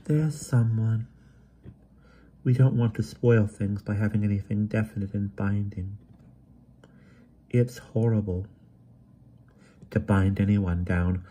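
Male reader playing a shy, hesitant young woman; breathy, a touch higher than his own voice. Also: slow pace, pauses often, mellow. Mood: timid. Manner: hesitant, stammering.

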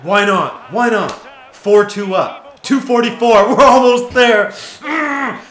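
A man commentating his own football video game, muttering then yelling with excitement, his voice going hoarse. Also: sits high, slow pace, reverberant. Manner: excitable, swings from mutters to shouts. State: losing his voice. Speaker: gaming YouTuber.

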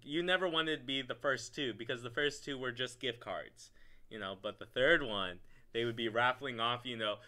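A young man co-hosting a podcast, telling a story in a casual, animated way, often breaking into loud laughing bursts and leaning on filler words. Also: mid-range voice, moderate pace. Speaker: podcast co-host.

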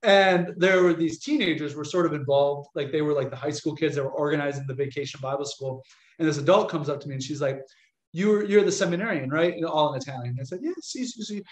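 An American man, a young Catholic priest, talks to an audience in a loose, story-telling lecture. His voice sits a little high and he slips into the voices of the people he quotes. The sound bounces around an echoey room. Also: fast. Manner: chatty, animated, acts out quoted voices. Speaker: Catholic priest giving a talk.

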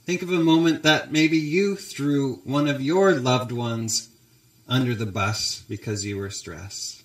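A man's voice: mid-range voice, steady tone, measured pace. A male pastor preaching a sermon, telling a story and addressing the congregation directly. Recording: roomy church echo.

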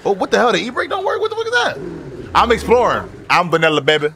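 A man giving casual, profane gameplay commentary as a gaming video host, reacting loudly to what happens in the game. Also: sits high, fast talker. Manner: excitable, profane outbursts at the game. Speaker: gaming YouTuber. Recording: noisy game audio under voice. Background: driving game engine and traffic sounds.

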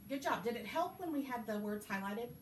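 A woman's voice: a little high, animated, a little fast, slight background noise. A woman teacher, leading a reading lesson with patient, encouraging questions. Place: school classroom. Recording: echoey classroom from far off.

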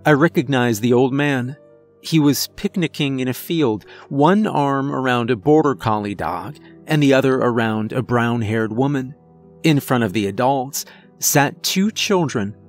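A male horror narrator with a mid-range voice, reading a first-person scary story at an unhurried, measured pace. His delivery is deliberate and steady, with faint music underneath. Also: medium pitch.

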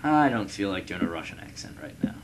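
Young man, gameplay commentary, low voice, loud hiss under the recording. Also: expressive, fast talker. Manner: rambling, swears at rival nations, reads game text aloud. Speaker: let's player.

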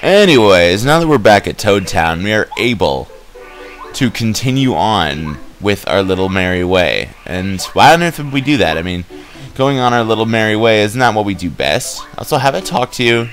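A young man talks his way through a video game in a low, deep voice. He rambles, jokes and restarts his sentences, filling gaps with "um" and "uh". Game music plays clearly underneath him. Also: lively intonation, moderate pace. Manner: rambling and joking, with many fillers and restarts. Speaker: let's play gamer. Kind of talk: casual game commentary. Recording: game music playing behind.

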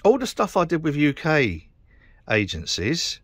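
A man's voice: a little high, wildly swooping pitch, a little slow, a bit bright, dry recording, clean studio sound. A middle-aged man with a British accent, ranting to camera in a frustrated, sweary, rambling way. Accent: British English. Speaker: vlogger. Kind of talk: casual rant to camera.

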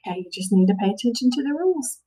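A woman's voice: a little high, expressive, rapid-fire, mellow, far from the mic, rough recording. A woman teacher giving a recorded phonics lesson, patient and checking in with "okay" often.

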